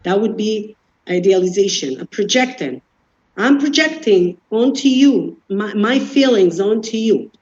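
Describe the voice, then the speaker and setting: A woman's voice: mid-range voice, animated, measured pace, darkish tone. A woman giving an earnest explanatory talk, walking through everyday examples without judging anyone. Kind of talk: explanatory talk on defense mechanisms. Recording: dull lo-fi recording.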